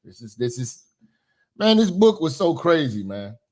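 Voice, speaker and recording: A male commentary host reacts in loose, slangy talk. His voice sits a little high for a man and pushes harder and higher when he gets heated. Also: big pitch swings, unhurried. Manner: slangy and emphatic, climbing higher when worked up.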